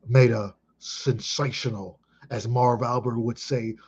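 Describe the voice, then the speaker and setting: A man in his thirties from Chicago, reminiscing casually in an emphatic, excitable way with heavy swearing. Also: mid-range voice, measured pace, slightly rough, highs cut off. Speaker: vlogger.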